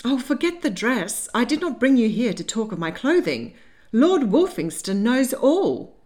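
A woman's voice: fairly high pitch, big pitch swings, unhurried, darkish tone, voice pushed up. A woman doing an urgent, exasperated young lady. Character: agitated young Regency lady, spirited and exasperated.

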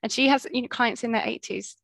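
A woman's voice: fairly high pitch, steady tone, fast, gravelly, a bit bright, no echo, studio quality. A middle-aged woman hosting a podcast, chatting casually with her guest and often restarting her sentences. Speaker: podcast host. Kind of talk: casual interview chat.

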